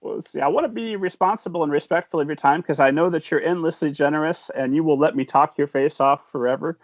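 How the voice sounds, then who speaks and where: Man hosting, enthusiastic and joking, fairly high voice, dry sound, dull audio. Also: fast talker, dry recording. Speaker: podcast host. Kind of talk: interview.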